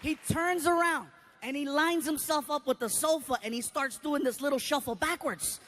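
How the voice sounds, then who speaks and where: A woman telling a stand-up comedy story, animated and acting out voices and sounds. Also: sits high, moderate pace, a little hiss or hum.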